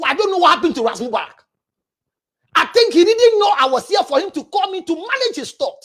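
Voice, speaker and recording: A Ghanaian woman with a very high voice gives blunt relationship advice as a counselor. Her pitch leaps and falls all the time. She scolds her listeners and keeps breaking into shouts. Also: big pitch swings, fairly quick.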